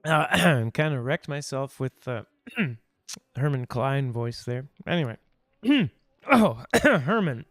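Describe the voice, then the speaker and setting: A man hosting a singing lesson, reading a book aloud with comments, thoughtful, with a strained throat and frequent throat clearing. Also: mid-range voice, animated, takes it slowly, no room sound. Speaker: host, singing teacher.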